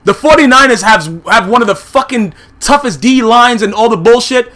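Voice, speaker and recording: A man's voice: very high-pitched, expressive, moderate pace, hardly any pauses, fairly bright tone. A man giving a heated, profane recap of football games, blunt and full of filler phrases. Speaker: YouTube sports commentator.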